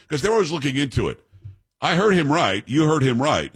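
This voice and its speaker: A man hosting a talk radio show, delivering a rapid, blunt, opinionated monologue into a studio microphone. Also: medium pitch, big pitch swings, husky.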